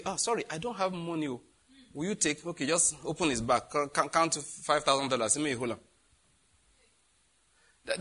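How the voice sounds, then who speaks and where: A middle-aged Nigerian pastor tells a long anecdote from the pulpit, slipping into the voices of each person and breaking into laughter. His voice sits a little high and bright, with a husky edge. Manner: animated, acts out voices in anecdotes, laughs often. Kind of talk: storytelling sermon.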